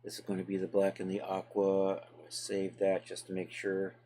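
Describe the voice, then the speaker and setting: A man with a fairly low voice, walking viewers through a software task during a live stream. He chats easily with his audience and narrates each click as he goes, loose and unscripted. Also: brisk. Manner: relaxed, chatty, talks to chat while working. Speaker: livestream host and 3D software tutor. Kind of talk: casual live tutorial, thinking aloud.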